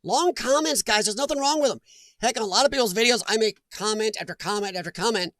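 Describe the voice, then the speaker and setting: Middle-aged guy, high-pitched, dry close mic, easygoing stream host chatting with viewers. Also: fast, a bit bright, no echo. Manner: chatty, laughs often, talks back to chat. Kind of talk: casual live-stream chat reading comments.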